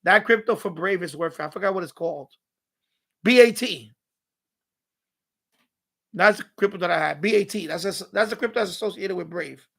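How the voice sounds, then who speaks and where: A man's voice: sits high, normal speed, gravelly, long pauses, fairly bright tone. A man hosting a home live stream from his radio room, rambling and ranting with profanity and mocking asides.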